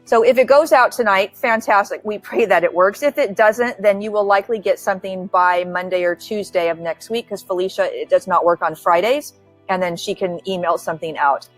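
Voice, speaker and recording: A woman's voice: mid-range voice, brisk, soft background music. A woman hosting a webinar, talking in a direct, upbeat and chatty way. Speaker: webinar host. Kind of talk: casual webinar chat.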